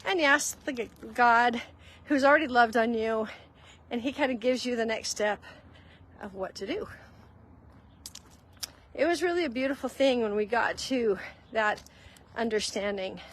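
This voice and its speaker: A woman's voice: a little high, a little slow, long pauses, a bit bright, slight background noise, rough recording. A woman hosting a faith-based walk-and-talk, teaching in an earnest, conversational way while walking outdoors. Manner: earnest and conversational, addresses listeners as guys. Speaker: host giving spiritual guidance.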